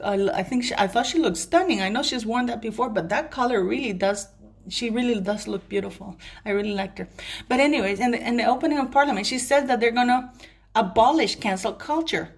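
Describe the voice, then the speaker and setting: A woman vlogger delivering an emphatic opinion rant straight to her viewers, breaking off now and then to apologize for ranting. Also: on the high side. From Commonwealth country.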